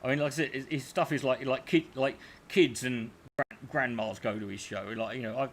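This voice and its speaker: A man's voice: medium pitch, fairly even intonation, fairly quick, a little hiss or hum. A man hosting a livestream, chatting casually with lots of fillers and restarts. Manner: rambling, filler-heavy, restarts often. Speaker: livestream host. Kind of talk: casual chat.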